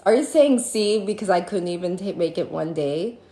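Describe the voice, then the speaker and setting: A woman chatting on a live stream from home in a gossipy, animated way, now and then drifting into sing-song lines. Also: on the low side, normal speed, few pauses. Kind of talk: rambling casual live-stream chat. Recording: roomy echo with faint ambience.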